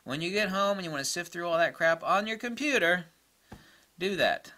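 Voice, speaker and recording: A man's voice: high voice, animated, normal speed, sharp tone. A man ranting in a sarcastic, exasperated monologue about camera habits, often mocking others. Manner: exasperated, sarcastic, mocks others in put-on voices. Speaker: photography vlogger.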